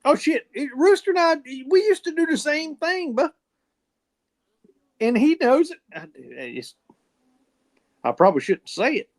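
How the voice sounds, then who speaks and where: A man's voice: extremely high pitch, very animated, unhurried, pauses often. A man telling folksy stories in casual chat, swearing freely and laughing often. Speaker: podcast co-host.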